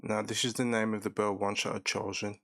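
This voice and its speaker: A man talks through a beat-making tutorial in a low, flat voice with a gravelly rasp at the edges. He explains each step calmly and methodically. The sound is dry and close, with no room around it. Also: brisk, dry recording. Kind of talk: step-by-step production walkthrough.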